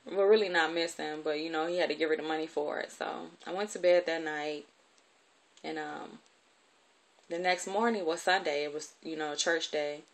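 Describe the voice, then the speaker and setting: A woman's voice: low-pitched, fairly even intonation, moderate pace. A woman telling a personal story from her childhood in a candid, conversational way, with plenty of profanity.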